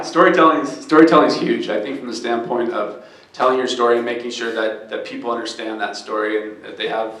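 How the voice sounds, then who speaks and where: Man, startup founder, earnest storyteller, live event talk, mid-pitched, echoey room. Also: fairly bright tone. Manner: earnest and storytelling, gets choked up, many restarts. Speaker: startup founder speaking on stage. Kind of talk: live fireside chat. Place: event venue with an audience.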